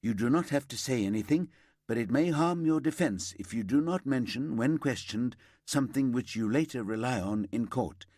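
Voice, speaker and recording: A man voicing a brisk female detective sergeant reading out an arrest and questioning a suspect, firm and level. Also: medium pitch, animated, darkish tone, no echo, clean studio sound, voice pushed up, natural voice. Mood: formal.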